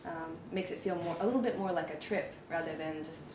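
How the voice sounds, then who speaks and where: A woman's voice: low voice, brisk, noisy background. An American woman musician chatting in an easygoing way in an interview. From United States. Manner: easygoing, laughing. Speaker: musician guest. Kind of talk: casual interview chat. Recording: roomy room.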